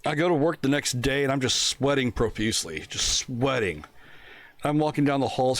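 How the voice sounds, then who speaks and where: A man's voice: mid-range voice, fairly quick. A middle-aged man telling a crude story in casual podcast chat, laughing often. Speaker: podcast co-host.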